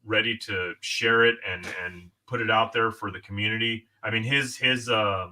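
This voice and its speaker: A man co-hosting a casual toy chat show, excitable and cursing often. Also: on the low side, normal speed. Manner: excitable, swears freely, repeats "dude". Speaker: co-host.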